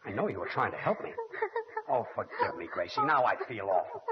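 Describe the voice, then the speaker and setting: A man's voice: on the low side, wildly swooping pitch, a little fast, crowd noise. A man playing the exasperated straight man in a 1940s radio comedy, recorded from the broadcast. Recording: muffled 1940s radio broadcast with studio audience.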